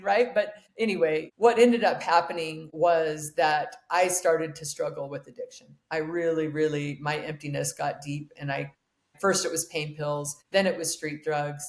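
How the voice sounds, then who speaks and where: A woman's voice: deep voice, steady tone, normal speed. A woman in her forties, a podcast guest, telling a personal story with earnest emotion and acted-out dialogue. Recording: echoey room.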